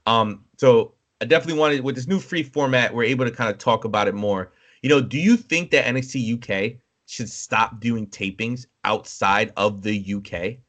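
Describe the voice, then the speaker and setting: A young man co-hosting a podcast, chatting casually and telling animated stories with acted-out quoted voices and some swearing. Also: mid-range voice, normal speed. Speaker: podcast co-host. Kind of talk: casual chat.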